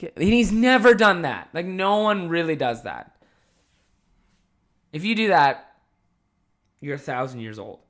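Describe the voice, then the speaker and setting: A young man hosting his podcast solo, telling a childhood story with lively swearing and acted-out quotes. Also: on the high side. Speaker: podcast host and comedian.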